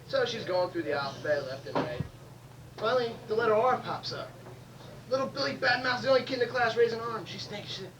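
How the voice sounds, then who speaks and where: A man's voice: high voice, expressive, fast, echoey room. A man telling a joke at an informal live comedy night in a chatty storytelling manner. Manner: chatty storyteller who laughs at his own punchlines. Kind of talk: casual stand-up joke telling. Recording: distant mic, clear background noise.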